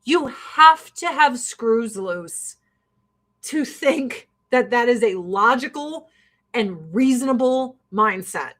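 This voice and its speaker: A woman's voice: a little high, fairly bright tone. A woman host delivering a heated, sarcastic, profanity-laced rant. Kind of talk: ranting commentary.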